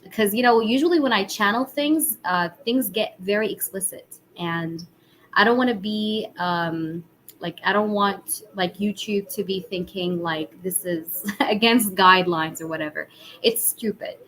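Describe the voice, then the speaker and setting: Woman tarot reader, husky throat, casual and rambling, middle pitch, light room noise. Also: measured pace, fairly bright tone, rough recording. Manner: casual, chatty, many fillers. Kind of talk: live-stream tarot reading.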